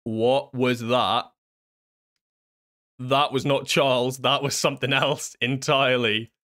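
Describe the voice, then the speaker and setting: A man's voice: mid-range voice, little pitch movement, slow, pushed and bright. A man jokes sarcastically and swears as he talks through a horror video game, laughing often. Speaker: gaming YouTuber. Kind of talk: horror game let's play commentary.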